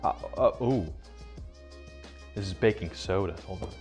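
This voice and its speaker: A man's voice: low-pitched, unhurried, darkish tone, faint music behind. A young man hosting a casual cooking vlog from his home kitchen, rambling and cracking self-mocking jokes as he works. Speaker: home cook vlogger.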